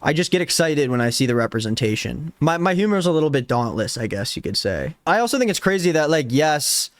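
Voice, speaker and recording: A man in his twenties recapping a novel in a casual vlog, sarcastic and animated, slipping into mock voices and laughing as he goes. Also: fairly high pitch, quick pace, no room sound. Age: 20s. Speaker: book vlogger.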